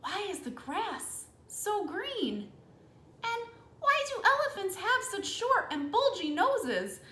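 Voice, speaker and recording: A woman's voice: extremely high pitch, animated, unhurried, pushed and bright, roomy sound, pitched above the performer's own voice, full character voice. A woman voicing a curious young male elephant calf from a storybook, who eagerly asks question after question.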